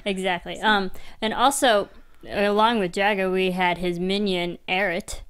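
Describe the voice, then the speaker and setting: A woman's voice: medium pitch, steady tone, measured pace, fairly bright tone, smooth. A woman co-hosting a casual movie discussion, who chimes in briefly and laughs easily. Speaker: podcast co-host.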